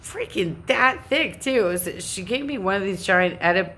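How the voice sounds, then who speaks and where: A woman's voice: mid-range voice, expressive, normal speed, a bit bright. A woman with a Californian accent talking to her live stream audience in a rambling, self-interrupting way, laughing now and then. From Southern California. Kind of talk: casual monologue.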